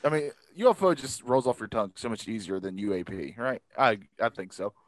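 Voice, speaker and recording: A man's voice: on the low side, lively intonation, a little fast, no echo. A man hosting a casual podcast chat who rambles, with many fillers and restarts. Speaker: podcast host.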